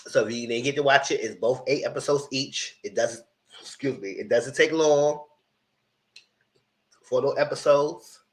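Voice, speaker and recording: A man's voice: medium pitch, moderate pace, pauses often, rough recording. A man in his thirties hosting a live-stream TV review, chatting casually and greeting his viewers directly. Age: 30s.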